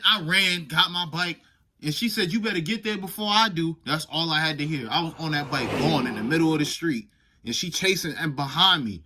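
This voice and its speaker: A young man casually telling a profane, animated storytime vlog. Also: on the high side. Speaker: vlogger.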